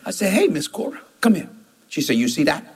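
A man's voice: a little high, sing-song, a little fast, slightly rough. A man, preaching a storytelling sermon and jumping into quoted voices with laughter.

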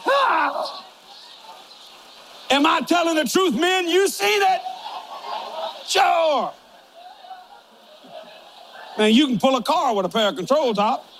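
An older man preaching with a high-pitched voice, mixing jokes and folksy stories into his sermon. Faint noise sits behind him. His delivery stays loose and conversational. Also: big pitch swings, slow pace, pauses often, a bit bright. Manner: folksy, joking, storytelling. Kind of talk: humorous sermon.

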